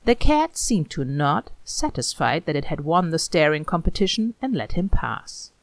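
A woman narrating a story aloud in an expressive, animated reading style. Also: low voice, normal speed, no room sound.

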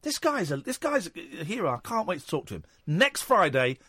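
A male radio host chatting on air in a studio, his slightly high voice swinging up and down a lot. He talks in an animated, jokey way and teases his guests. The studio mic sounds dry and close. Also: moderate pace, breathy edge, no room sound. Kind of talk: casual radio chat. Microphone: studio microphone.

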